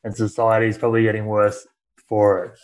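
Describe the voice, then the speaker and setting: A man's voice: lowish voice, completely flat delivery, brisk, darkish tone. A man hosting a podcast, asking his guest questions in a thoughtful, casual way. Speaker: podcast host. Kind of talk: casual interview talk.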